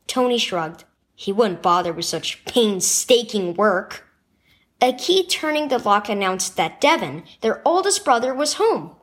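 A woman reading a scripted children's devotional story with expressive storytelling. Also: mid-range voice, moderate pace. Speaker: devotional reader.

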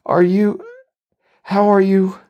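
A man voicing a frightened young man who stammers and sobs his pleas in a high, strained voice. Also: completely flat delivery, takes it slowly, lo-fi sound. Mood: pleading sobbing. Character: frightened young man, pleading then panicked.

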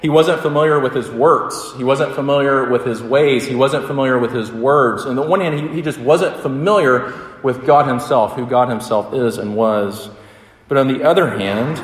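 A man's voice: medium pitch, normal speed. Earnest preaching man in an echoing hall. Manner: earnest, conversational preaching with repetitions. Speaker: pastor. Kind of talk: sermon with opening prayer.

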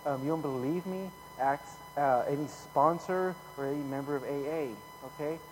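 A man preaching a casual sermon, folksy and chatty, tagging lines with "okay?" and getting louder when he reads scripture. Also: on the high side, normal speed, a little hiss or hum, low-quality recording. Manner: folksy, repeats "okay?" often, rises loud when reading scripture. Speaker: pastor.

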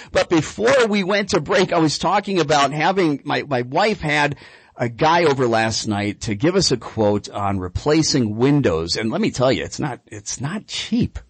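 A man hosting a radio call-in show about dog training, telling stories in an animated, chatty way. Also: medium pitch, slightly rough, no room sound.

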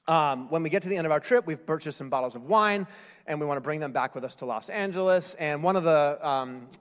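In an echoey church sanctuary with long reverb, a pastor tells stories during his sermon, using wry, self-deprecating humor. His voice is fairly high, a bit bright, and fairly quick.

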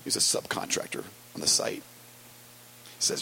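A man preaching a conversational sermon as pastor, wry and storytelling with quick asides. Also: medium pitch, sing-song, vocal fry, sharp tone, a little hiss or hum, low-quality recording.

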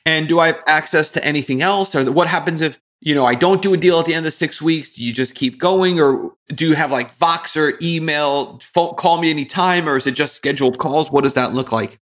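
A man hosting a podcast interview, asking rapid-fire questions with lively enthusiasm. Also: fairly high pitch. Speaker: podcast host.

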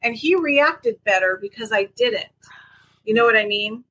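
A woman's voice: fairly high pitch, animated, normal speed, pushed and bright, slight background noise, low-quality recording. A woman co-hosting a podcast, earnestly telling a personal story in casual conversation. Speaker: podcast co-host.

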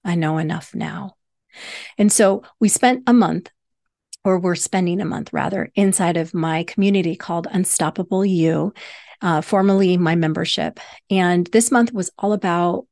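A woman's voice: on the low side, moderate pace, gravelly, a little mellow, dry recording, studio quality. A woman hosting a solo self-help podcast, teaching earnestly and repeating key points for emphasis. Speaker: podcast host and hypnosis coach.

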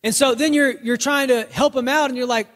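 A man's voice: very high-pitched, steady tone, fairly quick, fairly bright tone, in a large hall. A man preaching in a casual, joking style on a podcast, telling stories to make his point. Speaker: pastor. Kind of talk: conversational sermon podcast.

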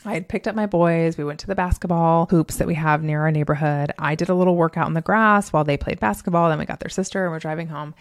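A woman's voice: sits low, fast, hardly any pauses, no room sound, clean studio sound. A woman hosting a solo motivational podcast, talking candidly and emphatically, swearing freely and laughing often as she tells stories. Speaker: podcast host.

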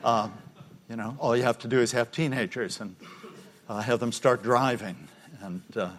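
An older man delivers a sermon, retelling a story for his listeners. His voice sits at an ordinary pitch. He speaks with quiet intensity and sinks to a hush at the key moments. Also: fairly even intonation, moderate pace. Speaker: preacher.

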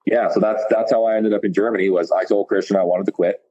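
Deep, dark-voiced man telling stories. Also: fairly even intonation, fast, highs cut off. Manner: loose and profane, heavy on fillers. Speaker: chef, podcast guest. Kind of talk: casual storytelling.

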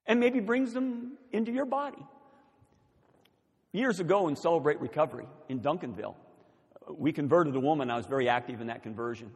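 An older man, preaching a sermon as pastor and telling a story with animated, building emphasis. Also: on the high side, brisk, husky. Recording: long reverb of a church hall.

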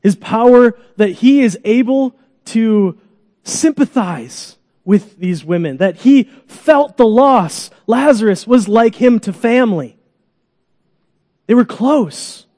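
High-voiced man preaching in a reverberant hall. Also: slow. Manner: animated, acts out groans and cries. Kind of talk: sermon. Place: church sanctuary.

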